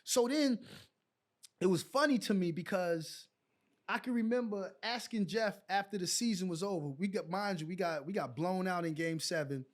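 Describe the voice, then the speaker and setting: A middle-aged man from New York, a podcast guest and former pro basketball player, telling colloquial stories with animated dialogue. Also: sits high, moderate pace. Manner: colloquial, animated storyteller who acts out dialogue. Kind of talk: casual storytelling interview.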